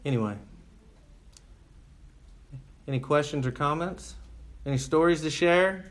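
Folksy preaching man, slightly high voice. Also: fairly quick. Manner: rhetorical questions, emphatic and folksy. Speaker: pastor. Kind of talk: conversational sermon.

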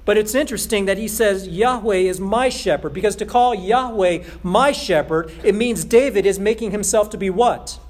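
A man preaching a sermon as a pastor, emphatic and repeating key phrases, slowing down on scripture quotes. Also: high voice, a little mellow.

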